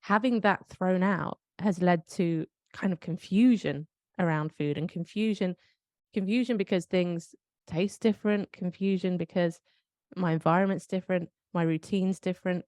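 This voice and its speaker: Speaking at a moderate pace, this UK woman has a fairly low, darkish voice with no echo. She's a podcast co-host in a casual chat, reflectively telling stories while slipping in self-questioning asides.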